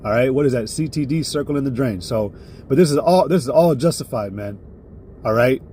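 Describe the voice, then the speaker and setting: A man's voice: mid-range voice, fairly quick, slight background noise. A man teaching a live-streamed religious lesson in a heated, profane way. He keeps checking in with "all right?" and flares up before reining himself in. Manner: flares up loudly, then reins himself in.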